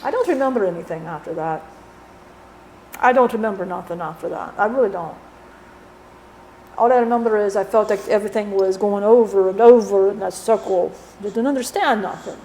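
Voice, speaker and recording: A woman's voice: medium pitch, fairly quick, darkish tone, slight background noise, lightly acted. A woman channeling the spirit of a dead man, who rambles bluntly, swears and keeps saying "you know". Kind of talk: channeling session.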